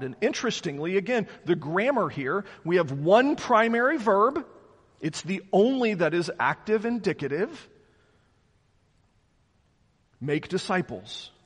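A man's voice: high-pitched, a bit bright, slightly rough, in a large hall. A male pastor preaching a sermon to his congregation, explaining scripture in an earnest way. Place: church sanctuary.

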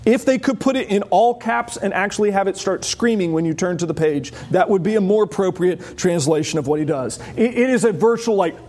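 A man preaching a sermon as pastor, animated and wry, often laughing as he explains a passage. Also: high-pitched, brisk, hardly any pauses.

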